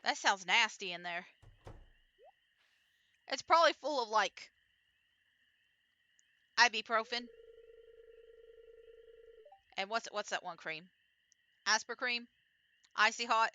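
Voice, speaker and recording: A woman's voice: on the high side, a little slow, pauses often, sharp tone, highs cut off. A woman streamer giving rambling, chatty let's-play commentary, full of "like" and restarts. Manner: rambling, chatty, with frequent fillers.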